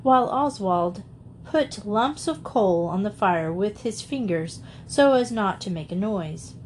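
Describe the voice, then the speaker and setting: Woman storyteller for an audiobook of a classic children's tale, mid pitch, slight background hiss. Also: animated, unhurried, a little mellow. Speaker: audiobook reader. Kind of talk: scripted narration of a classic children's novel.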